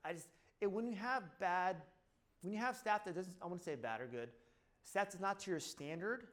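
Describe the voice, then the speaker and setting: A middle-aged man with a slightly high voice tells offhand stories about his clinic. He jumps between his own words and acted-out quotes, and he fills his lines with "blah, blah.". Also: expressive, fairly quick, fairly bright tone. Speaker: chiropractor speaking at a seminar. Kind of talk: casual talk to a room.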